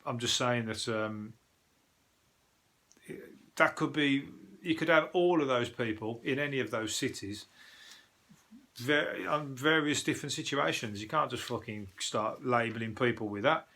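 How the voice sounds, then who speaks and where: A Birmingham-accented man rants through odd news stories as a comedian. He rambles, swears constantly and speaks bluntly. His voice sits at a middling pitch with a bright, forceful tone. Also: measured pace. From Birmingham, England. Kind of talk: sweary comic news review.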